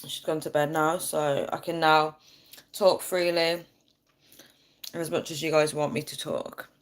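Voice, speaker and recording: A woman's voice: low voice, little pitch movement, unhurried. A woman from the UK chatting casually on a livestream. She talks through her phone, answers viewer comments and laughs often. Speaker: livestream host. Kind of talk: casual live chat with viewers.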